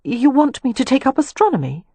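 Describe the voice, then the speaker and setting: An audiobook reader voicing a skeptical, reserved young lady with a guarded, precise way of talking, pitched higher than the narration. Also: sing-song, measured pace, darkish tone, breathy edge, no room sound. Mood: earnest. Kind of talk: audiobook character reading.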